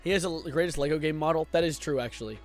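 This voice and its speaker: An excitable young man rambles through casual livestream commentary, swearing freely and bursting into loud outbursts. His voice sits fairly high for a man, with faint music playing behind. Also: very fast. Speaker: streamer.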